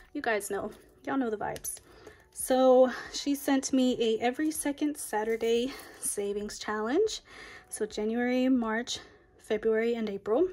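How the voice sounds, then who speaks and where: A woman's voice: on the high side, darkish tone. A young woman, chatting casually while counting cash for her budget. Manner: counting bills aloud, chatty and upbeat. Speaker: budgeting vlogger. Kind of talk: casual cash-stuffing chat.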